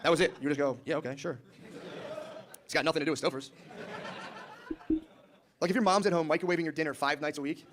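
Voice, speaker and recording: A man's voice: fairly high pitch, fast, pauses often, fairly bright tone. A young man doing a casual, rambling stand-up comedy routine, riffing with lots of filler.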